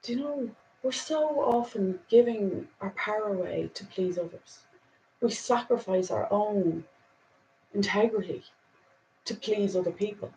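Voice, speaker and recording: A woman's voice: mid-range voice, a little slow, slight background noise, rough recording. Earnest woman giving a spiritual talk. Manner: earnest and reflective, laughs softly, a little emotional. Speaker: spiritual talk host reading angel cards.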